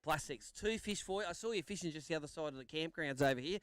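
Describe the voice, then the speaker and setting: Male MC, upbeat banter, high smooth voice. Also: quick pace, a bit bright, no room sound. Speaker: tournament weigh-in MC. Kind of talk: live event emceeing. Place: outdoor lakeside weigh-in stage.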